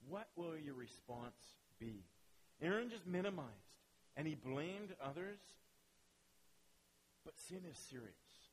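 A man preaches with animated, questioning energy, often checking in with his listeners. His voice sits a little above the usual male pitch. A faint hiss runs under the recording. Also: poor audio. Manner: animated, rhetorical questions, frequent "right?". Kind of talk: sermon.

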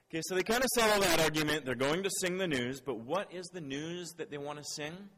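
A man's voice: fairly high pitch, lively intonation, moderate pace, a bit bright. A man preaching a sermon. He playfully quizzes the congregation, then turns earnest and reflective. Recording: long hall reverb.

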